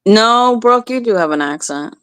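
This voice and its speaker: Blunt New Jersey woman chatting, lively intonation, dry close mic. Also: a little high, moderate pace, clear, resonant tone, no room sound. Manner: blunt, profane. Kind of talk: casual chat.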